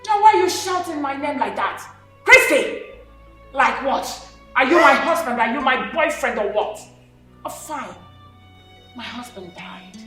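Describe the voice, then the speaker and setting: A woman's voice: high-pitched, animated, unhurried, pauses often, pushed and bright, roomy sound, far from the mic, faint music behind, heavily acted. A woman playing a cold, scornful widow. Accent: Nigerian English. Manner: dismissive, mocking. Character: haughty cold widowed mother. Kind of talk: Nollywood film acting.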